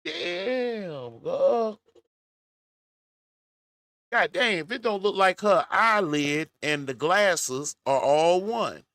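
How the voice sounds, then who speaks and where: A man hosting a reaction video, unhurried and folksy as he chats right at his viewers. His voice is bright and swings widely up and down, and the sound is dry and close. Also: sits high, lively intonation, no echo. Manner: folksy, talks straight to his audience. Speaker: commentary host. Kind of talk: casual reaction commentary to viewers.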